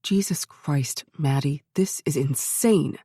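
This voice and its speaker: A woman reading the lines of a shocked young man, lowering her voice to a disbelieving, halting tone. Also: dark tone, slightly rough, dry recording, clean studio sound, heavily acted. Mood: stunned. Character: frantic young man, shocked older brother.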